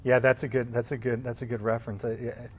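A man's voice: mid-range voice, flat delivery, fast talker, a little hiss or hum. A man teaching a Sunday school class on the Bible in an informal, conversational way, often checking in with the class by asking "right?".

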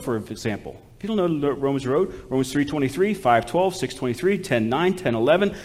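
A man's voice: medium pitch, lively intonation, brisk, hardly any pauses, darkish tone. A man preaching a sermon as a missionary, folksy and exhortative, calling out to the congregation for responses.

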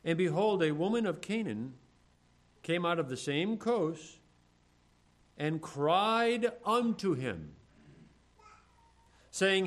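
Animated preaching man, lively pitch. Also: slow, long pauses. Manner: animated preaching, acts out the disciples' complaints; reads scripture in old-fashioned phrasing. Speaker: pastor. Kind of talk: sermon.

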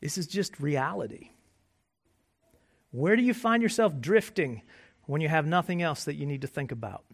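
A man preaching a sermon as pastor, conversational and joking, moving between quiet asides and loud emphasis. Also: a little high, lively intonation, normal speed, gravelly, long pauses. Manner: conversational and self-deprecating humor.

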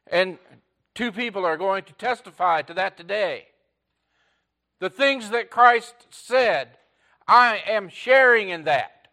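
A man preaching a sermon in short, repeated phrases, rising to loud emphasis and dropping to a hush. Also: high voice, lively intonation, slow pace, vocal fry. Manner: swings between loud emphatic lines and hushed near-whispers. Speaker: pastor.

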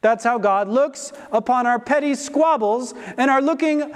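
A man's voice: very high voice, moderate pace, big-room sound. A man preaching a sermon as pastor, driving his points home with rhetorical questions and rising emphasis.

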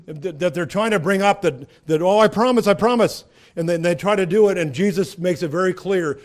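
A man preaching a sermon in a conversational way, asking rhetorical questions and rising to emphatic peaks. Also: high voice. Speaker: pastor.

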